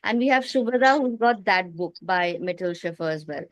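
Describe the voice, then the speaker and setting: A woman's voice: fairly low pitch, lively intonation, normal speed, no room sound, dull audio. Woman teaching, voice tiring, dry sound. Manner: explains at length, often restarts phrases. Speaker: support group facilitator. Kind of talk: teaching an online study group.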